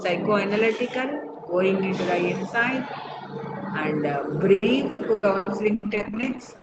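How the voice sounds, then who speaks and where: A woman's voice: mid-range voice, animated, unhurried. Female lecturer with an Indian English accent, patient and repetitive delivery, captured on muffled, reverberant online audio. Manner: explanatory, repeats key phrases, frequent uh fillers. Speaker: counselling lecturer. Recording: echoey, dull lo-fi online lecture audio with background noise.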